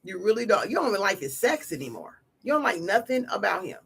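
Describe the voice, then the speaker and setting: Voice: mid-range voice, sing-song, fast, creaky, fairly bright tone. A tarot reader hosting a casual livestream, talking in a blunt, slangy, scolding way. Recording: noisy livestream audio.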